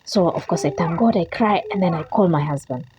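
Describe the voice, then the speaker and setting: A woman's voice: on the low side, a little fast, darkish tone, slight background noise, rough recording. A young woman vlogger telling a story to camera in a casual, emotional way, repeating herself and quoting her own prayers and phone calls.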